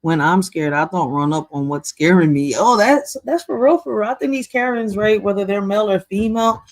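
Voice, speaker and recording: A woman's voice: medium pitch, brisk, no room sound, low-quality recording. A woman hosting a reaction video, commenting in a casual, profane, slangy way and often saying "yo". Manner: profane, slangy, animated, frequent "yo".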